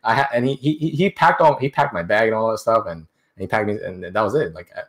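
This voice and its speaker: A man's voice: lowish voice, quick pace. A young man, an interview guest, telling a personal story in casual talk, with many restarts and repeated words.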